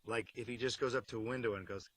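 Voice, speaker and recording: A middle-aged actor in a behind-the-scenes interview, joking wryly with deadpan asides. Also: male voice, mid-range voice, quick pace, rough recording. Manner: acts out silly voices mid-story.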